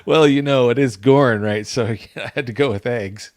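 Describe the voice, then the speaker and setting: A man's voice: medium pitch, normal speed, dry recording. A man co-hosting a casual chat, joking and laughing often. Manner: playful, laughs often, trolling. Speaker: co-host.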